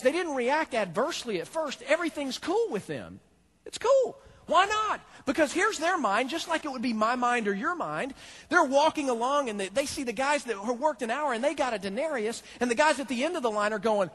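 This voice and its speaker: A man preaching a sermon in a church, animated and talking straight to his congregation. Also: extremely high pitch. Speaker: pastor.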